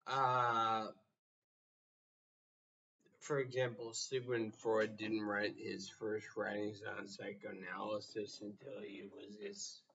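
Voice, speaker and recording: A man's voice: on the low side, fairly bright tone, distant mic, dull audio. A man giving a blunt, profane motivational rant, sounding exasperated. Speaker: motivational speaker.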